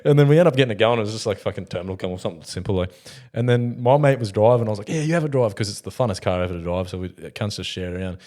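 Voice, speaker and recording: A man's voice: lowish voice, very fast, warm tone. A young Australian man telling a rambling, laugh-filled story in casual chat, swearing freely. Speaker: podcast guest.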